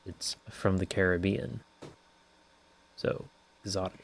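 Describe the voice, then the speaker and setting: A man co-hosting a casual podcast, giving easygoing, brief replies with a dry sense of humor. His voice sits on the lower side for a man. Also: slow, creaky, breathy edge. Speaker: podcast co-host. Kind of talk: casual gear-talk chat.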